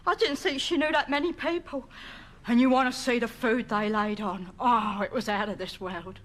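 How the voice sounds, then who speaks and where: A woman's voice: fairly high pitch, normal speed, natural voice. A woman playing a gossipy old nan. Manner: chatty, dropping sly asides. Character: gossipy elderly London grandmother, blunt and nosy. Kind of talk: sketch comedy acting.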